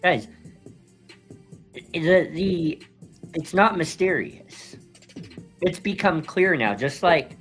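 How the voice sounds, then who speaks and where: A man's voice: on the high side, lively intonation, takes it slowly, pauses often, a bit bright, faint music behind. A man co-hosting a live stream in casual chat, rambling with many restarts and frequent laughs. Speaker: co-host.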